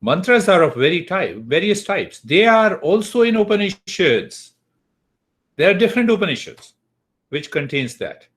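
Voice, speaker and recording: A man teaching an online class on mantras, speaking deliberately and checking in with his students. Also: high-pitched, sing-song, a bit bright. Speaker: spiritual teacher.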